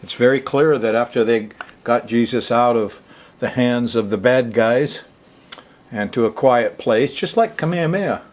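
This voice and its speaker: A man's voice: medium pitch, steady tone, a little slow. A man hosting an astrology television show, talking casually to the camera with frequent chuckles and rambling asides. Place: Hawaii.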